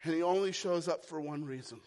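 A pastor preaching a sermon, moving from quiet, low lines to loud, ringing calls. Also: male voice, a little fast. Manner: preaching with big swings from soft to loud.

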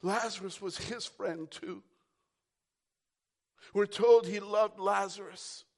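Pastor, male, higher voice, deliberate pace; builds to shouts, drops to whispers. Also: steady tone. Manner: swings from shouting to hushed whisper; repetitive emphatic preaching. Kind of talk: sermon.

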